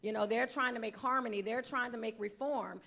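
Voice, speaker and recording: Woman, panel guest, earnest, conversational, higher pitch, gravelly. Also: steady tone, fairly quick, pushed and bright. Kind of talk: panel talk show discussion.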